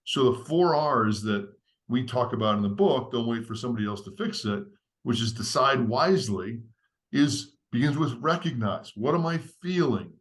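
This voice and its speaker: A man speaks as a podcast guest, laying out a step-by-step framework in an earnest, teacherly voice. His delivery is structured and steady, like a seasoned author explaining ideas in conversation. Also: medium pitch, normal speed.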